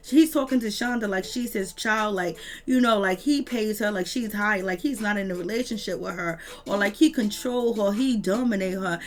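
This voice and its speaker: A woman's voice: medium pitch, normal speed, few pauses. Slangy woman recapping reality TV. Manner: slangy, emphatic, repetitive lists; retells scenes with quoted voices. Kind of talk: casual recap commentary.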